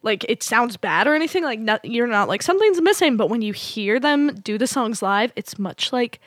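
A woman's voice: on the high side, expressive, moderate pace, a bit bright, dry recording, clean studio sound. A young woman hosting a radio music show, chatting casually and rambling with lots of fillers.

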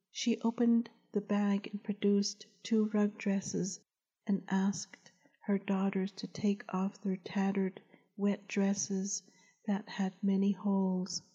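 A woman, the author, reading her novel aloud in a slow, gentle storytelling manner. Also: mid-range voice. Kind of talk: audiobook narration. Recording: dull lo-fi recording.

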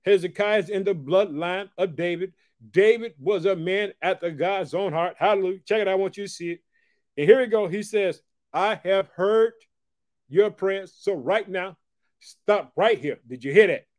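Male preacher, high voice, slow emphatic scripture reading broken by quiet asides and catchphrases. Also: no room sound, clean studio sound. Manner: punctuates reading with repeated catchphrases and call-outs; prays aloud for listeners. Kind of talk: sermon teaching from scripture.

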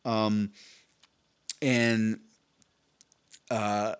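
A man's voice: on the low side, drawn-out words, smooth. A man on a podcast telling a long story in casual chat, rambling and swearing, acting out what people said. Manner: rambling, animated, swearing, acts out quoted people. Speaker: podcast co-host.

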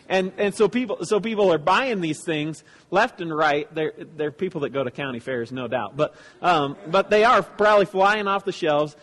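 A man giving loose, casual commentary on video clips, rambling and halting with frequent restarts. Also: on the high side, lively intonation, fairly bright tone, big-room sound. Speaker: speaker reacting to clips.

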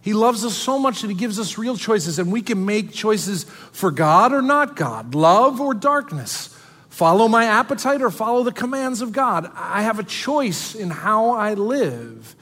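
A man preaching a sermon as pastor, earnest and dramatic, dropping suddenly soft for emphasis. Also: sits high, big pitch swings, a little slow, big-room sound.

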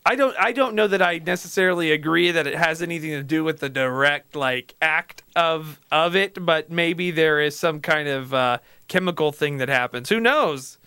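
A man hosting a comedy podcast, rambling through silly follow-up questions in casual chat. His voice is very high and very bright. He giggles a lot between lines. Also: moderate pace, few pauses, smooth. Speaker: podcast host.

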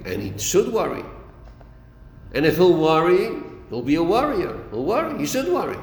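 A man's voice: on the high side, wildly swooping pitch, normal speed, slight background noise. A man teaching a Chasidic text class, acting out dialogue and repeating his phrases. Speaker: Torah teacher. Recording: echoey room with long reverb.

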